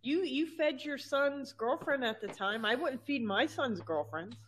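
Woman producer, higher voice, playful and bossy chat. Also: lively intonation, a little slow, fairly bright tone, a little hiss or hum. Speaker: podcast producer. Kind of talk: casual chat.

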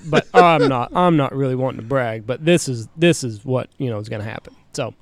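A man's voice: mid-range voice, a little fast, no echo. A man co-hosting a podcast, rambling through a casual, profane story with plenty of fillers. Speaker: co-host.

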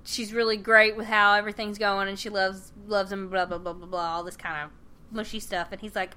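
A young woman co-hosting a podcast, casually recapping a TV episode with frequent laughter and quick quoted voices. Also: mid-range voice, steady tone, pushed and bright. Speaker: podcast co-host.

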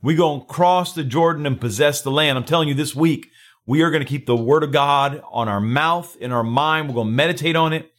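A man's voice: a little high, fairly quick, fairly bright tone. A man hosting a daily devotional, preaching with fervor and repeating phrases for emphasis. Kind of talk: energetic daily devotional sermon.

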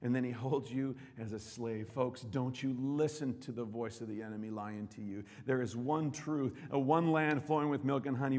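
A man preaching a sermon with passion, swinging between loud declarations and hushed asides. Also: medium pitch, steady tone, moderate pace, few pauses. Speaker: pastor. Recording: long reverb hall.

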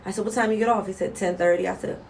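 A woman in her forties chatting casually, telling stories with lively acted-out quotes. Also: medium pitch, racing, creaky, slight background noise. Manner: animated storyteller, acts out quotes. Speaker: show co-host. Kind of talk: casual chat.

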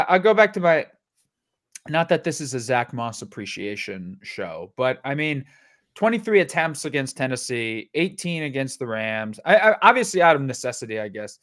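A man's voice: medium pitch, a bit bright. A man co-hosting a fantasy football podcast, rambling and joking as he interrupts himself. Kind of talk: casual sports chat.

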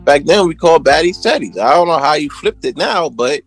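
Husky and on the high side, this man talks a little fast with lively intonation. He's a music producer being interviewed, spinning stories in a relaxed, slang-heavy way and leaning on fillers like "you know what I'm saying."

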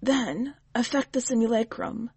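Lady doing a wry old-soul witch, slow, dry, gently probing. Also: fairly high pitch, fairly even intonation, creaky, husky, no room sound, pitched above the performer's own voice, exaggerated voice. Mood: teacherly. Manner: dry, patient, teacherly.

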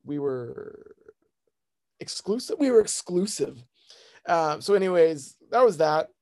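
A man's voice: on the high side, lively intonation, unhurried, a little mellow. A man in his thirties telling a casual personal story, rambling and self-deprecating, often acting out what people said. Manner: rambling, self-deprecating, acts out quoted voices.

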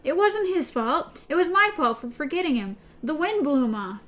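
A woman's voice: high voice, big pitch swings, normal speed, fairly bright tone, voice pushed up. A woman reading as an upset, pleading boy. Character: upset young boy defending his pet.

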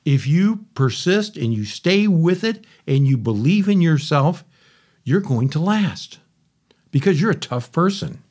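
A middle-aged man with a slightly husky voice, telling a personal story as a podcast host and repeating key phrases. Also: a little high, very animated, unhurried, darkish tone.

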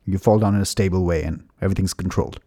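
A man casually telling a personal story, relaxed and chatty, swearing now and then and laughing at himself. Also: low-pitched, rapid-fire. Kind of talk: casual anecdote.

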